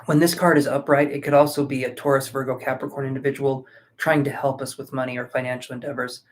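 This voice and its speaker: A man's voice: medium pitch, fast talker. Sleepy, chatty man reading tarot live. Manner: relaxed, chatty, thinking aloud with fillers. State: sleepy, yawning. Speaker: tarot reader.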